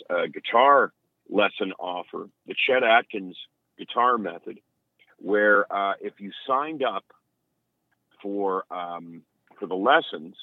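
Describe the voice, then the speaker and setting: A man's voice: lowish voice, dry recording. A man from Ontario, Canada, a guest musician joining an interview by phone, telling stories in a joking, rambling way. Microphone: telephone. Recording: tinny phone line.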